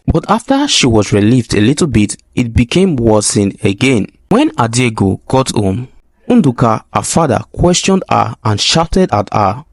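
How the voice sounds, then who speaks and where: A male storyteller reading a folk tale in an expressive way. His pitch moves in a lively manner, and the voice sits at a middle height. The recording is close and dry. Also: no echo.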